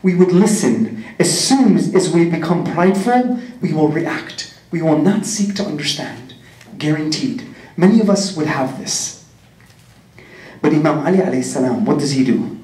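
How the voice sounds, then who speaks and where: A man's voice: fairly high pitch, lively intonation, moderate pace, dark tone, recorded from a distance. A man tells a religious story to a community, earnestly asking his listeners rhetorical questions. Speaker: community speaker. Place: large prayer hall. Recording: echoey hall, mic set back.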